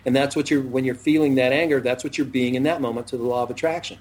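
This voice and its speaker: A middle-aged man hosting a self-help talk show, earnest and preachy, slowing down to stress key phrases. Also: medium pitch, fairly even intonation, a little mellow, slightly rough. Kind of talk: motivational talk-show chat.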